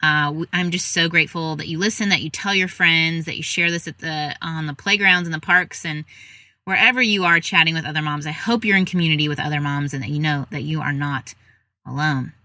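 A woman hosts her podcast in a casual, chatty way, reading listener reviews aloud and adding quick asides. Her voice sits a little low for a woman but sounds bright and forceful. The sound is dry and close, with no room around it. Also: dry recording. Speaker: podcast host.

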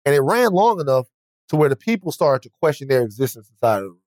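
A man's voice: medium pitch, sing-song, fast, a little mellow, dry recording. A man hosting a podcast in casual chat, rambling and restarting often, with plenty of profanity. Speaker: podcast host.

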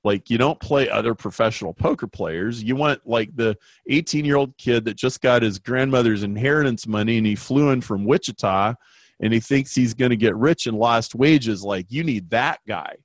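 A man's voice: medium pitch, normal speed, dry recording, lightly acted. A man voicing a brash male professional gambler who coaches a younger player in a breezy, bossy, matter-of-fact way. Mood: coaching.

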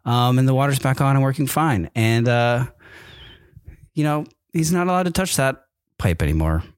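A man's voice: mid-range voice, animated, normal speed, clean tone, dry recording. Guy rambling thru a family story on his podcast, lots of ums, dry mic. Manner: rambling, with many fillers and restarts. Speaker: podcast host. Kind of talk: casual storytelling monologue. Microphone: microphone with camera.

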